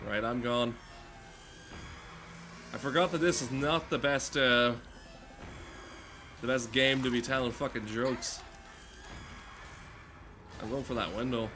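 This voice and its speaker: A man's voice: mid-range voice, steady tone, slow pace, long pauses, background noise. Rambling, swearing man gaming. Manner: rambling, crude, self-mocking, many fillers. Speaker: let's play gamer. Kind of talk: casual game commentary.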